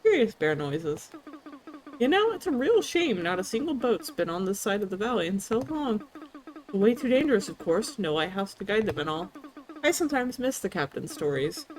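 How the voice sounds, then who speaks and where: A wistful old grandma from a cozy game, read aloud by a woman in a gentle, folksy storytelling way. Her pitch moves freely as she reminisces. She talks like someone fond of old tales. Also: low-quality recording. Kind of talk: reading game dialogue aloud.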